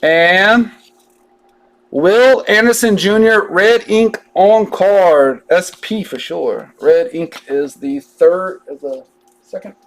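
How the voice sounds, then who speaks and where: A man's voice: high-pitched, slow. A man chatting casually while he opens trading cards on a live break, drawling and joking as he reads out each card.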